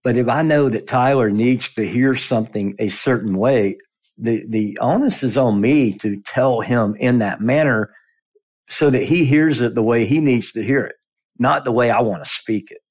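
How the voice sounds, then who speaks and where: A man's voice: mid-range voice, moderate pace, darkish tone, husky. A middle-aged man hosting a podcast, chatting casually with many restarts and self-deprecating jokes. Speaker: podcast host.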